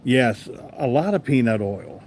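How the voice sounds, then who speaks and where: A man's voice: medium pitch, lively intonation, a little slow, a little mellow, slight background noise. A man with a Southern US accent hosting a casual live stream, chatting easily and answering viewers by name. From American South. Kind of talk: casual live chat reading comments.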